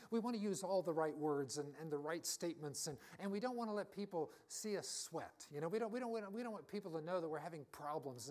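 A middle-aged man, a pastor, giving a conversational sermon and telling personal stories to his congregation. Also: a little high. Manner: storytelling, personal anecdotes.

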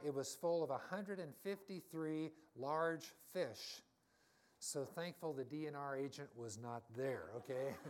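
Man preaching a conversational sermon. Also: fairly high pitch. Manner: storytelling, personal anecdotes. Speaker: pastor.

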